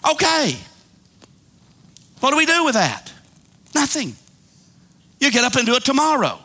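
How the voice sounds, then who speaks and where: A middle-aged male preacher with a strikingly high voice, delivering a fiery, folksy sermon. His tone is sharp and tense, and he calls out to the congregation for answers. He swings from emphatic shouts down to hushed pleading. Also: wildly swooping pitch, a little slow. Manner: call-and-response with the congregation; folksy, plain-spoken.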